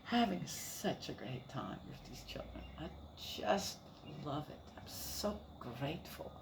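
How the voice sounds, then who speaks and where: A woman's voice: sits low, lively intonation, unhurried, gravelly, noisy background. An older woman and grandmother chatting casually, telling family stories in a rambling way with fillers. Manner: rambling, warm storytelling with laughs and repeated fillers. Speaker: grandmother sharing family life. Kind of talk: casual personal chat.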